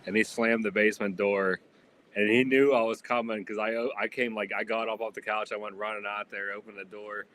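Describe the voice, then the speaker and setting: A man's voice: lowish voice, flat delivery, a little fast, fairly bright tone, a little hiss or hum. A man co-hosting a casual chat, rambling with lots of fillers.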